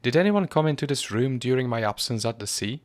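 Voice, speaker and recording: A man voicing an irritable, agitated male professor in a storybook reading, speaking in a high, sharp, insistent voice. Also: lively intonation, brisk, lightly acted.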